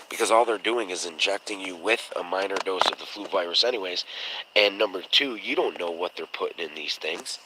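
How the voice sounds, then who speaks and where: A man's voice: low-pitched, a little fast, sharp tone, slight background noise, low-quality recording. A man hosting a casual livestream chat, telling stories in a blunt, profane way and acting out the voices of people he quotes. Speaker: podcast host.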